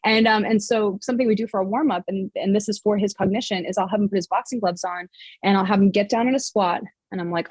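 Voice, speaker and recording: Husky-voiced woman fitness coach. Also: medium pitch, quick pace, a little mellow, no echo. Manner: earnest, explanatory, many fillers and restarts. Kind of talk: podcast interview guest.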